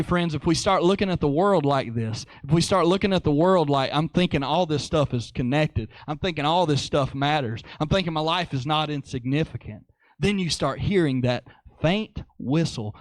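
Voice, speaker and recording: Animated man preaching a sermon. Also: on the high side, no room sound. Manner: animated, repeats phrases for emphasis.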